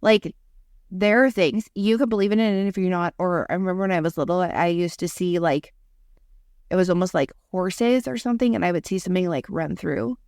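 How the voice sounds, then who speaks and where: A young adult woman co-hosting a podcast speaks fairly quickly in a fairly low, darkish voice, captured in a dry, studio-quality recording. Chatting casually, she rambles through a story heavily sprinkled with "like."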